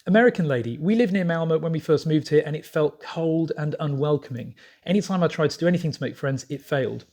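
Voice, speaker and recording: Chatty man, a bit higher voice. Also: quick pace, a little mellow. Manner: rambling, frequent fillers and restarts. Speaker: vlogger. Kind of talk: casual talk to camera.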